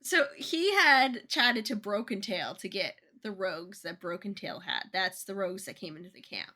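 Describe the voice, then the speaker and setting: A young woman co-hosting a casual book podcast, retelling a story in a chatty way with quick voiced asides. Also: medium pitch, lively intonation, bright, forceful tone. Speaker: podcast co-host.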